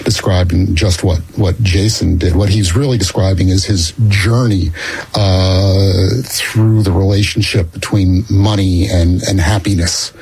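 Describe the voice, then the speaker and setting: A man's voice: low-pitched, fairly even intonation, a little slow, creaky, darkish tone, breathy edge, rough recording. A man speaking as an interview guest, earnest, with frequent stumbling restarts. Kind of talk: conversational interview.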